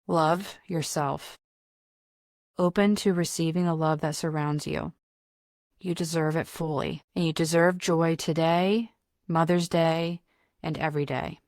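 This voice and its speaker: A woman with a fairly low voice leads a guided meditation and gentle affirmations as a therapist and podcast host. She speaks slowly and reassuringly and repeats her phrases. The sound is close and dry, with no room echo. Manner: slow, gentle, reassuring repetition.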